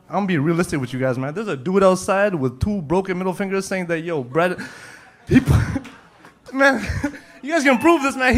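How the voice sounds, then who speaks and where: A man's voice: high voice, fairly bright tone. A man in his second-ever stand-up set, rambling loosely and needling the host. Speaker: stand-up comedian.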